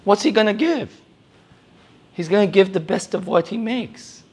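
A young man preaching a sermon to youth, animated, acting out the voices in his stories. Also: high voice, normal speed, breathy edge. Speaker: youth pastor.

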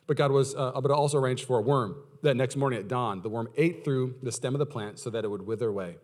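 A man, preaching a sermon as pastor. His talk is conversational and full of questions to the audience, and he swings from loud, high outbursts to low, quiet stretches. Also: quick pace.

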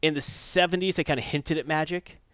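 A man in a casual chat, retelling a comic book story in animated fashion and acting out the characters' lines. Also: fairly high pitch, brisk, dry recording, highs cut off.

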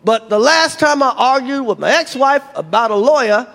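A middle-aged man performing a profane, animated stand-up routine and acting out other people's voices. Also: very high voice, normal speed. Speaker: stand-up comedian. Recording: long reverb of a large venue, faint ambience.

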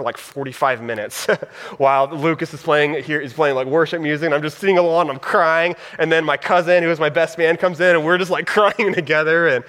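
A man's voice: medium pitch, a bit bright. A man in his thirties, a pastor telling a personal story in a sermon, casual and heartfelt with laughing asides. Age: 30s. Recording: long reverb of a hall.

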